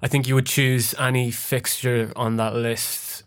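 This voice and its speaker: A man on a sports betting podcast, talking in a halting, customer-friendly way with many ums. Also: mid-range voice, little pitch movement, smooth. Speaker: bookmaker podcast panelist. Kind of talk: casual sports betting chat.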